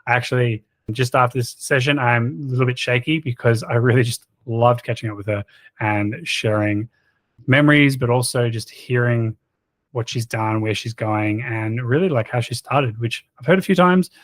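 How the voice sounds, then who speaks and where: A man in his thirties hosting a podcast, telling casual, animated, slangy stories. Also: mid-range voice, moderate pace, no echo. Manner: chatty, animated, slangy anecdotes. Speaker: podcast host.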